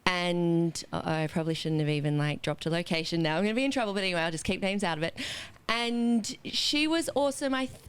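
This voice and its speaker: A woman, hosting a podcast and telling a lively, animated story full of casual swearing and fillers. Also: medium pitch, clean tone. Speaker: podcast host and Pilates instructor.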